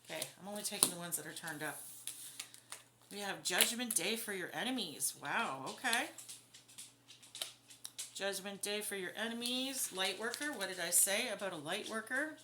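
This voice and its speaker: A woman doing a casual spiritual card reading to camera at home at night, blunt and quick to get indignant, swearing freely. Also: mid-range voice, animated, very noisy. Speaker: tarot and spirit box reader.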